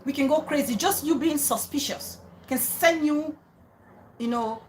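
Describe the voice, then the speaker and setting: A woman hosting a casual commentary vlog, animated and emphatic, who repeats her key phrases and turns soft and coaxing when she speaks to her child. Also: high voice, unhurried, slight background noise. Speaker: vlogger and show host.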